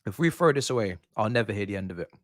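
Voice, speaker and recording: A man's voice: lowish voice, animated, rapid-fire, no room sound, studio quality. A young man reacting live to a football match on stream, exasperated, swearing and ranting at the players. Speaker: watch-along streamer.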